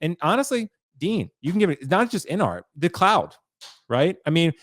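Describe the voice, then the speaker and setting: A man's voice: fairly high pitch, very animated, normal speed, a bit bright, no room sound, studio quality. A man hosting a collecting podcast, talking agreeably and hedging as he thinks aloud. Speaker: podcast host, toy reviewer. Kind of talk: casual podcast chat.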